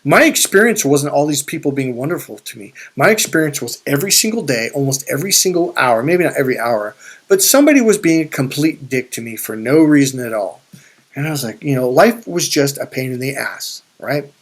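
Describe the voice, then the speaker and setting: A man's voice: mid-range voice, sing-song, brisk. A man coaching viewers through a casual, rambling story, swearing freely and restarting his sentences often. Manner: profane, rambling, with frequent restarts. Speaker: spiritual and life coach.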